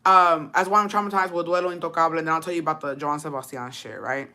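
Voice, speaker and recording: A woman's voice: sits low, fairly even intonation, quick pace, pushed and bright. A woman streamer from Texas chatting casually with viewers, switching between English and Spanish, swearing freely. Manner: bilingual code-switching, profane, chatty. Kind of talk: casual chat.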